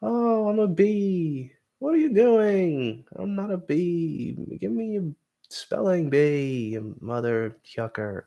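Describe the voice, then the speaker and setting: A man doing a high, whiny sitcom-comic impression. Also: big pitch swings, takes it slowly, vocal fry, mellow, highs cut off, heavily acted. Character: impression of a loud, whiny stand-up comedian, middle-aged man.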